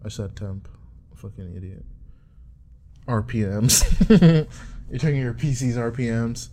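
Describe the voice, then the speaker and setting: A man's voice: mid-range voice, normal speed, darkish tone. A young man rambling casually and profanely, joking and laughing at his own bits.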